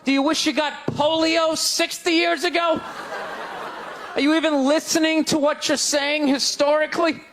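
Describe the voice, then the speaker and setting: High-voiced man ranting on a stage. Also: flat delivery, normal speed. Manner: loud, exasperated ranting with sudden shouts. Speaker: stand-up comedian. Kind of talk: stand-up comedy set. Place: comedy club stage before a laughing crowd. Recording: live club recording, loud crowd laughter, noisy.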